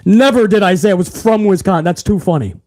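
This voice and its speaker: A man from New England giving a live, casual, excitable review of a wrestling show, full of swearing and slang. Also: high-pitched, fast, slight background noise.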